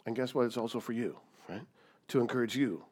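Man, pastor, sermon, emphatic, rhetorical questions, repeats words, mid pitch. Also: a little fast, a little mellow, slightly rough. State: coughing, dry throat.

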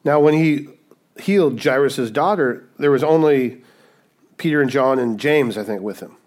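A man's voice: mid-range voice, moderate pace, darkish tone. A male pastor preaching a sermon in a conversational way, often checking in with "right?" as he retells Bible stories.

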